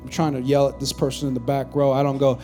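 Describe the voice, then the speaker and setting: A man preaching a sermon to his congregation, dropping to near-whispers and then rising to shouts, with call-and-response asides. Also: medium pitch, monotone, quick pace, music in the background. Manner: swings between hushed near-whispers and loud shouts. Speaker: pastor. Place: church stage with a live congregation.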